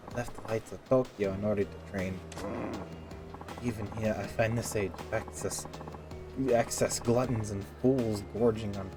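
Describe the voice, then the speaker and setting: Homem imitando velho mestre marcial solene. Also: male voice, fairly low pitch, natural voice. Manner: solemn, preachy, odd put-on accent. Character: old stern male martial arts master.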